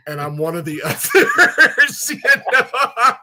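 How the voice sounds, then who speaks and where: Laughy self-deprecating podcast guest guy, kinda high voice. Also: big pitch swings, unhurried, hardly any pauses, sharp tone. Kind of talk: casual podcast chat.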